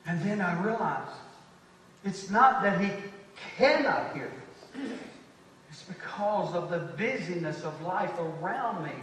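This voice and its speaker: A man in his fifties, a pastor preaching a sermon, swinging between loud declarations and quiet conversational asides. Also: high-pitched, expressive, slow pace, a little hiss or hum. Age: 50s. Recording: echoey hall from far off.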